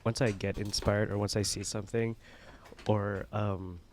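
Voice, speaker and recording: A man co-hosting a podcast in casual chat, talking haltingly with many restarts. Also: on the low side, level tone, a little mellow, a little hiss or hum. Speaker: podcast co-host.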